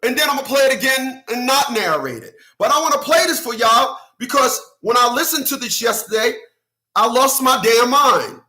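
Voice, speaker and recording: Bright, ranting male vlogger in echoey room. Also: very high voice, lively intonation, normal speed. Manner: loud, swearing, slangy, laughs often. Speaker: channel host. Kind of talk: ranting commentary to viewers.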